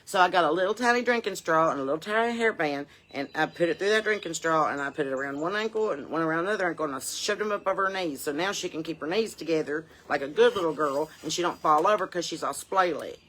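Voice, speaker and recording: A woman chatting casually in a rambling vlog, salty and profane, telling stories in a down-home way and sometimes dropping to a soft murmur. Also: low voice, fast, hardly any pauses. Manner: drops to a soft murmur at times. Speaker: touring musician and vlogger.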